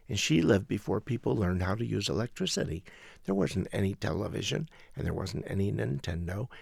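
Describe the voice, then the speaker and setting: A man telling a children's story in a dramatic way, often hushed. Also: on the low side, gravelly, breathy edge, dry recording. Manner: dramatic, hushed then rising.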